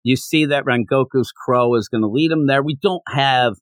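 A man's voice: medium pitch, moderate pace, no room sound. A man co-hosting a podcast, chatting casually as he recaps a manga chapter and slips into character voices while retelling it. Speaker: podcast co-host.

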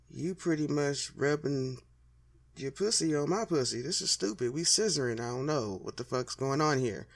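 A woman telling a raunchy personal story in a casual monologue, talking in a loose, slangy, heavily profane way and pausing to smoke partway through. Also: rumbling low. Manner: pauses to smoke mid-story.

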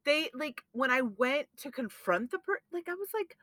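Co-host, woman, 40s, lively storyteller who swears freely; high, bright voice with close, dry sound. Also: normal speed, no room sound. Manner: animated, profane storytelling with acted-out quotes. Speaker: podcast co-host. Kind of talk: casual chat.

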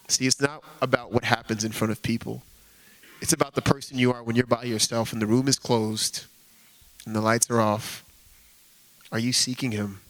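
A man's voice: mid-range voice, fairly bright tone, poor audio. A man preaching an informal sermon, earnest and conversational, often slipping in casual fillers as he talks.

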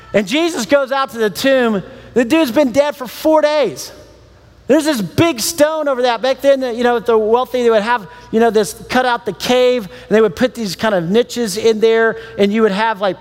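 A male pastor with a high voice preaching in a casual, lively storytelling manner. He chats with the crowd and acts out the people in the story. The sound rings with the long reverb of a large hall. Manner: casual, animated storytelling with laughs and acted-out dialogue. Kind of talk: sermon.

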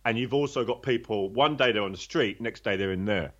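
A man with a lowish voice tells his story candidly, swearing freely and restarting his sentences as he goes. The audio is a little dull and muffled. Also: a little fast, a bit bright. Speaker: guest telling his life story.

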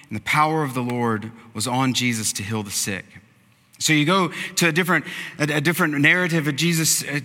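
A man's voice: on the high side, bright, forceful tone. A man preaching a conversational sermon, acting out the characters' lines as he goes. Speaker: pastor. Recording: preached in a large hall with long reverb.

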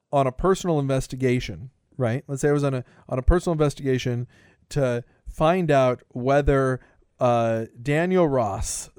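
A podcast co-host with a medium-pitched, slightly mellow, clear and resonant voice rambles through a jokey movie review, stammering over repeated words. The recording is studio quality, with no room sound.

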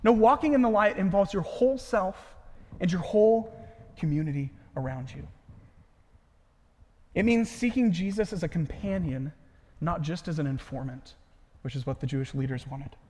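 Male pastor, high voice, earnest delivery that falls to a hush at phrase ends, long reverb around him. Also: normal speed, pauses often. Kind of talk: sermon.

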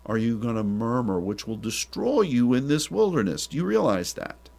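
A man's voice: medium pitch, animated, normal speed, creaky, a little mellow. A man preaching a sermon, pressing listeners with repeated rhetorical questions and restarting his words.

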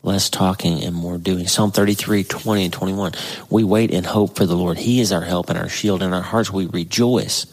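A man's voice: low-pitched, fairly even intonation, rough recording. A middle-aged man hosting a devotional podcast, reading scripture verses and talking earnestly to encourage listeners. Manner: earnest, encouraging, reads verses slowly and stresses words. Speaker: podcast host. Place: indoors by a window.

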